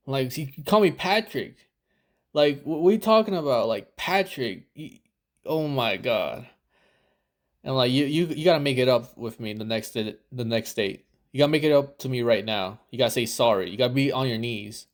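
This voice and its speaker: A man's voice: mid-range voice, expressive, moderate pace. A man giving casual reaction commentary as a dating coach, rambling and swearing, acting out the lines he would use. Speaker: dating coach reviewing footage.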